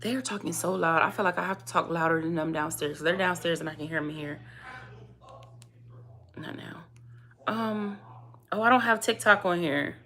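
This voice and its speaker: A woman with a hoarse voice, chatting casually to camera as a vlogger and mom of three, telling a story with lively emphasis. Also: fairly low pitch, fairly quick. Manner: chatty, animated storytelling, addresses viewers as y'all. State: hoarse, voice going out.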